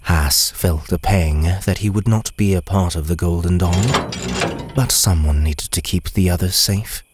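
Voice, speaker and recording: A deep-voiced man reads a dark fantasy tale in an unhurried, measured way. Crickets and insects chirp steadily behind him throughout the recording. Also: very noisy. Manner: slow, measured storytelling. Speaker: narrator. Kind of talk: dark fantasy story reading.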